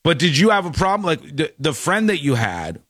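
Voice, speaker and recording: Animated man in casual chat, lively pitch. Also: moderate pace, no echo, clean studio sound. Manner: animated, jokey storytelling. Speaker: podcast co-host.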